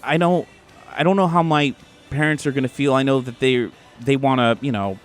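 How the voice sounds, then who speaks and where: Actor as a timid young boyfriend, halting speech, anxious and apologetic. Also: male voice, medium pitch, faint music behind, natural voice. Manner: hesitant, stammering. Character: nervous young man afraid of his father.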